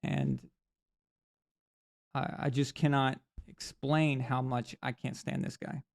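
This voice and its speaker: A man's voice: mid-range voice, flat delivery, takes it slowly, creaky. A man hosting a live sports talk stream, rambling through opinions with lots of restarts and fillers. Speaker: sports talk show host. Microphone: desk mic on camera.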